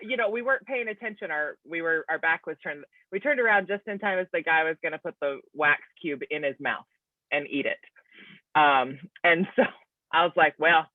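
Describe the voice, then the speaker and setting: A woman's voice: lowish voice, no room sound. A woman on a group video call, telling stories in a chatty way and laughing as she goes. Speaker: panel guest. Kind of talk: casual chat on a video call. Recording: tinny, dry phone-like sound.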